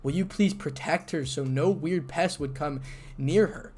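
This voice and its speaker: A man voicing a gracious, formal noble mother of a devil house in a fan-read story, speaking in a measured, polite way. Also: fairly high pitch, darkish tone. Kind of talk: fan audiobook reading.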